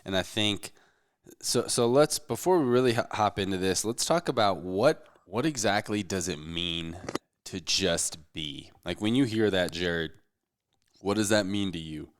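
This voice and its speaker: Podcast cohost guy, real low voice, high energy and wound up. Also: unhurried, clear, resonant tone. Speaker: podcast co-host. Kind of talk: casual chat.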